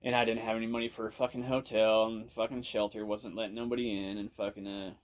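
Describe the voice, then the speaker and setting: A man speaks fast in a lowish, level voice while telling a podcast story from his own life. It's casual first-person storytelling, rambling and thick with swearing and repeated "you know"s.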